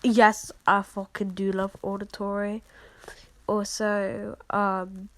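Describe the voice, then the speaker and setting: Speaking slowly with a fairly bright tone, a woman keeps her medium-pitched voice mostly flat. Congested and coughing, she guides viewers through her video editing in a casual screen recording, chatty and apologetic with lots of fillers.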